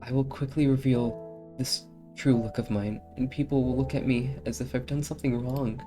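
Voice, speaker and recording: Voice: medium pitch, steady tone, normal speed, music in the background, voice pushed up, lightly acted. A streamer voicing a lonely girl who pleads and begs others to stay with her, reading game dialogue aloud. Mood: longing. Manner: begging, clingy.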